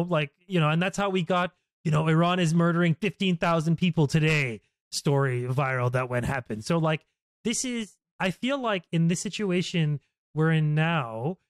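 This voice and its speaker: A man's voice: on the high side, dry recording. Rambling man on a dry close mic. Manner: rambling, many fillers and restarts. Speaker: podcast host. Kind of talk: casual political chat.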